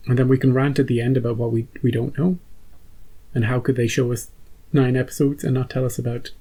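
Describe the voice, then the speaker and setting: Man, casual rambling chat, gravelly husky voice, reaction host. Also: medium pitch, level tone, a little fast, mellow, rough recording. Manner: rambling, restarts, chatty. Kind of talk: casual post-episode chat.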